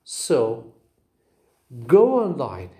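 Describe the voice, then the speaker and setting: Male teacher, slow delivery, lively intonation, mellow tone. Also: on the high side. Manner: slow, repeats words and asks "okay?". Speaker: English phonetics teacher. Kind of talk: recorded lecture.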